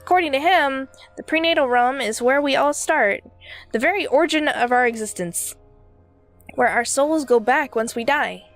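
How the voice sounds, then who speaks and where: A woman's voice: high-pitched, expressive, moderate pace, fairly bright tone, dry recording, soft background music. A woman reading the lines of a weary male wanderer from a dream game, in an offhand, matter-of-fact way.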